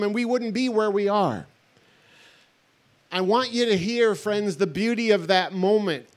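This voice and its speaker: A middle-aged male pastor speaks at a festival in a fairly high voice. He tells stories in an earnest, conversational way and drops in wry asides. His delivery moves between warm sincerity and quick humor. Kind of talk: festival talk, sermon-like.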